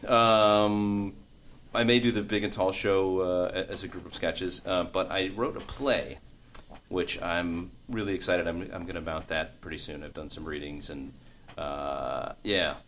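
A man's voice: sits low, steady tone, measured pace, fairly bright tone, slight background noise. A male comedian and voice actor chatting as a guest, rambling with many hesitations. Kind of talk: casual podcast chat.

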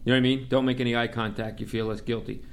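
A middle-aged man from Long Island with a New York accent, telling profane, animated stories in casual talk and mimicking the people in them. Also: mid-range voice, racing, vocal fry, clean tone. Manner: animated, profane, mimics others in quoted dialogue. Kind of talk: casual storytelling.

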